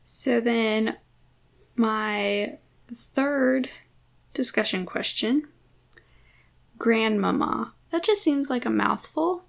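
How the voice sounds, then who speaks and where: A woman's voice: on the high side, slow, creaky, long pauses. A woman co-hosting a casual book-discussion podcast, chatting easily and laughing often. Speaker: podcast co-host.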